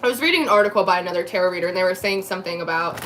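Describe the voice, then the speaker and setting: A woman's voice: fairly low pitch, fairly bright tone, a little hiss or hum. Chatty New woman reading tarot. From New Jersey. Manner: chatty, laughs often, quick asides. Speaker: tarot reader. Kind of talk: live tarot reading chat.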